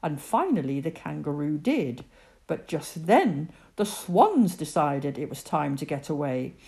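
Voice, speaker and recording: A woman reading a children's story aloud, narrating with dramatic flair. Her pitch swings widely from line to line, and she takes an unhurried, deliberate pace. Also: sing-song, gravelly, dark tone.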